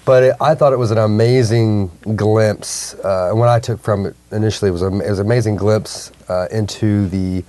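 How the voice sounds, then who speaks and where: A man co-hosting a casual TV recap podcast, rambling and halting, laughing mid-sentence. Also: fairly low pitch, fairly even intonation, warm tone. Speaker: co-host.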